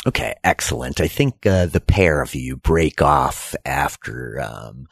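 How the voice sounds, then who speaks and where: Deep husky man narrating a game. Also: measured pace. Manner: relaxed storytelling full of fillers. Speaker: game master. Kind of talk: narrating a tabletop role-playing game.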